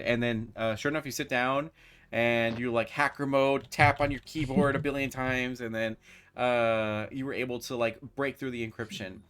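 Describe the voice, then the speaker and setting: A man's voice: mid-range voice, fairly even intonation, brisk, fairly bright tone. A man running a tabletop role-playing game as game master, narrating in a casual way with lots of fillers. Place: home streaming setup.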